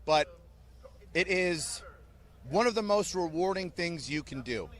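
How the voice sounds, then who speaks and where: An army drill sergeant shares lively interview stories and barks the orders he recalls. His voice is a little high, and he doesn't rush.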